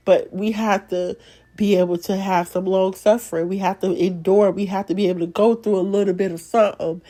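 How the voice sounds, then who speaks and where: A woman's voice: mid-range voice, steady tone, fairly quick, dark tone. A young woman hosting a faith podcast, giving an emotional, encouraging devotional talk with preacher-like repetition. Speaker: podcast host.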